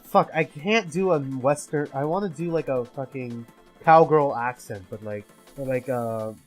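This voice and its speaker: A man's voice: mid-range voice, a little slow, faint music behind, low-quality recording. A man reading a visual novel aloud on a live stream, casual and swearing freely as he reacts. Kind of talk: live gameplay commentary.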